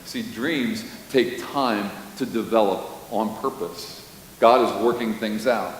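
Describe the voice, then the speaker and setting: A pastor preaching a sermon, telling stories with lively, animated delivery and sudden loud bursts. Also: male voice, fairly low pitch, slow. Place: church sanctuary. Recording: roomy hall reverb with faint hiss.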